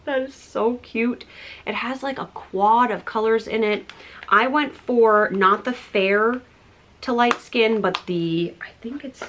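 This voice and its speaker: A woman's voice: on the high side, slow pace. Chatty woman in her thirties vlogging. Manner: chatty and breezy, many "like" fillers, drops to soft asides. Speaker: beauty vlogger. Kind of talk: casual chat showing products.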